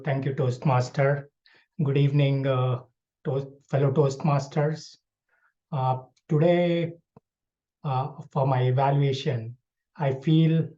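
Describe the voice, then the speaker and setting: A man's voice: mid-range voice, warm tone. A man giving a spoken evaluation at an online club meeting, hesitant, with many fillers and restarts. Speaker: speech evaluator. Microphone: video call. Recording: dull lo-fi video call audio.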